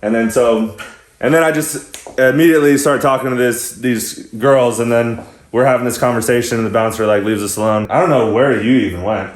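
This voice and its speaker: A man's voice: mid-range voice, steady tone, brisk, echoey room. A man telling a story to friends in a casual vlog, chatty and laughing often as he talks. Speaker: vlogger.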